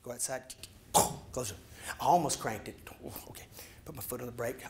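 A man's voice: mid-range voice, normal speed, a little hiss or hum. A man, telling a story in a lecture, acting it out animatedly and dropping to whispers. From Georgia, USA. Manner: animated, acts out scenes, drops to a whisper. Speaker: storyteller giving a talk.

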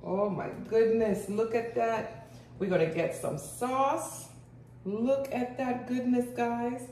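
A woman with a Jamaican accent hosting a casual home cooking vlog, chatty and excitable as she talks to her viewers. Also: on the high side, takes it slowly, a little hiss or hum. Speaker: cooking channel host. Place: home kitchen. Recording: very echoey room, mic far off.

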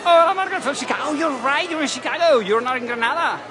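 Rapid-fire and extremely high-pitched, a man narrates a live travel vlog from a city balcony outdoors overlooking a parade street. He's excitable, gushing and chatty, with loud street noise, a cheering crowd and church bells all around.

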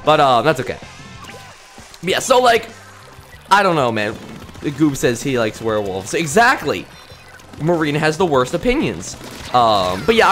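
A young man giving lively live gameplay commentary, chatting with his viewers and yelping at big plays. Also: a little high. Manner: excitable, yelps and pops off at kills; chatty, talks to chat between plays. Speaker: streamer. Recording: faint music behind.

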